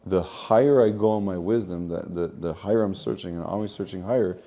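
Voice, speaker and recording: Male spiritual coach, low and mellow, earnest, repetitive teaching talk. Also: brisk. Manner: earnest, repeats phrases, uses Hebrew terms. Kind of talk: teaching monologue.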